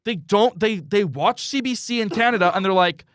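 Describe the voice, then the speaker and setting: A man co-hosting a podcast in casual chat, ranting and swinging between loud yelling and low mutters. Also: moderate pace, slight background noise. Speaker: podcast co-host. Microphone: podcast mic.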